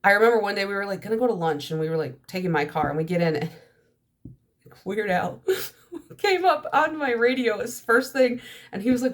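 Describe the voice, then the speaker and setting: A woman's voice: mid-range voice, lively intonation, fairly quick. A young woman with a stuffy, nasal voice from allergies, rambling nonstop in casual chat to her camera while vlogging. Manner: chatty stream-of-consciousness talk. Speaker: nail polish vlogger.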